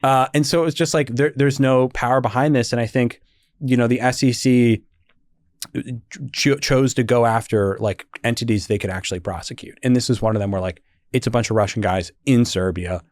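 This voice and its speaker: Animated young man telling stories. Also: medium pitch, a little fast, no room sound, clean studio sound. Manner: animated, laughing storyteller with lots of fillers. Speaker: podcast guest. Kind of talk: casual storytelling interview.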